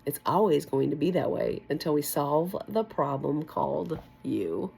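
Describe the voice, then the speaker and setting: A woman's voice: on the low side, lively intonation, moderate pace, creaky, few pauses, a little mellow. A woman reading a book aloud to her camera, stopping to comment in a giddy, affectionate, sing-song way. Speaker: book reader and vlogger. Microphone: facing her own camera.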